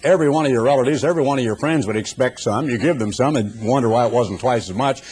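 A man's voice: mid-range voice, fast talker, darkish tone. An older man preaching a sermon, telling folksy stories with humorous asides before turning to scripture. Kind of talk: sermon with anecdotes.

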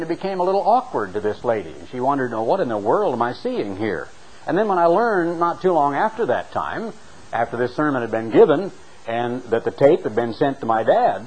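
A man's voice: mid-range voice, darkish tone, rough recording. A middle-aged man preaching a sermon, reading scripture aloud and stressing key words with rising and falling emphasis.

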